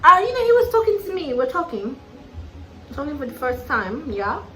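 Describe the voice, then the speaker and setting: A young woman with a Nigerian accent talks in a sassy, playful way, slipping in "honey" and bursting into laughter. Her voice sits fairly high for a woman. The room gives it a roomy echo under a faint hiss. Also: big pitch swings, normal speed, fairly bright tone. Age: young adult. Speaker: YouTuber. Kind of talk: casual get-ready-with-me chat.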